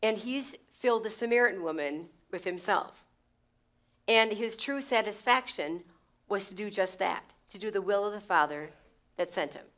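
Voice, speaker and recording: Woman Bible teacher, plain mid-pitched voice, chatty and repetitive, keeps checking in with "right?" and "okay?". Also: moderate pace, fairly bright tone. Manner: repeats phrases for emphasis, checks in with "right?" and "okay?"; conversational, with stumbles and restarts.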